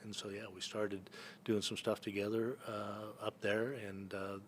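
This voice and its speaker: His voice is fairly low, with little pitch movement and a measured pace, and there's a little hiss or hum. Guesting on a podcast, this Northern California entrepreneur and hunting guide tells casual stories that ramble, with plenty of fillers and restarts.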